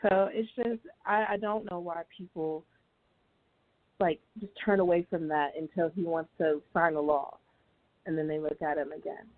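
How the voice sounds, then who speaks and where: A woman's voice: lowish voice, fairly even intonation, moderate pace. A young woman on a call-in show, talking earnestly with frequent hesitant restarts. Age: young adult. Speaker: guest. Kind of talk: casual call-in chat. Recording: tinny phone line.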